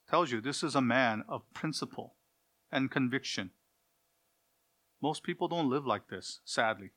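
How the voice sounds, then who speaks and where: A man preaching a sermon in an earnest, pleading way, asking his listeners direct questions and shifting between loud emphasis and quiet passages. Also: mid-range voice, expressive, unhurried, pauses often.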